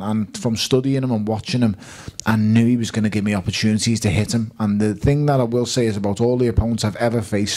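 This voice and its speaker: A guest boxer with a Liverpool accent entertains a live fan evening with lively stories, quoting both himself and others. His voice sits fairly low.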